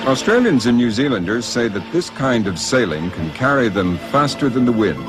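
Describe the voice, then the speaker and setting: A man narrating a documentary in a scripted, measured delivery. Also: mid-range voice, big pitch swings. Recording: music bed under narration.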